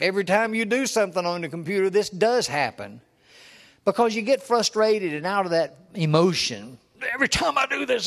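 An older man in his seventies gives a relaxed, homespun sermon. He tells personal stories and chuckles along as he talks. His voice sits a touch higher than most men's. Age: 70s. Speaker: preacher.

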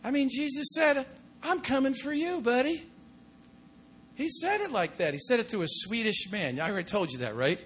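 Very animated and fairly quick, with few pauses, a man preaches in a very high, bright, forceful voice, dotting his words with "come on" and "glory to God." He alternates loud eruptions with hushed asides, over a faint hiss or hum.

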